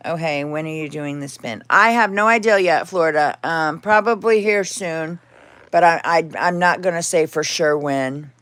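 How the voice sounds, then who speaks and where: A woman's voice: lowish voice, a bit bright, no echo. Female streamer, casual and candid, dry room, occasional cat. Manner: rambling, candid, talks to her cats and chat. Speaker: livestream host. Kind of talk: casual livestream chat. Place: home.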